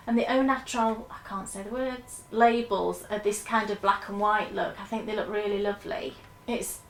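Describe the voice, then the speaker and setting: A woman's voice: fairly high pitch, a bit bright, echoey room, slight background noise. A woman co-hosting a knitting podcast, chatting enthusiastically and rambling about her projects. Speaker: podcast co-host. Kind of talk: casual knitting podcast chat.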